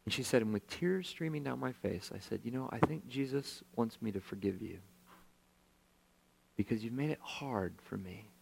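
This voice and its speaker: A man's voice: mid-range voice, animated, normal speed, creaky, darkish tone, breathy edge, rough recording. A male pastor telling a story in a sermon, acting out the voices of the people in it.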